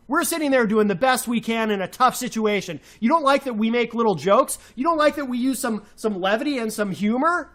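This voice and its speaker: A man's voice: sits high, animated, moderate pace, fairly bright tone. A man co-hosting a radio show, ranting furiously with sarcastic, insulting outbursts. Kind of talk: angry on-air rant.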